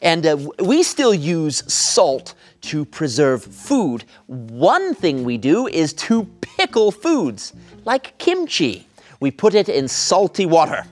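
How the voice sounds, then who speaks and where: A man's voice: a little high, wildly swooping pitch, slow, exaggerated voice. A man playing a jokey detective character who tells a groan-worthy story. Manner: folksy joke-telling, laughs at own joke. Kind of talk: scripted comic segment.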